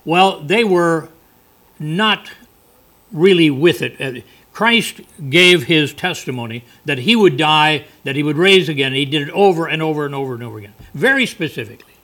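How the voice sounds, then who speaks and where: Male preacher, folksy sermon delivery, bright and a little high. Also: animated, moderate pace. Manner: folksy, conversational preaching with asides.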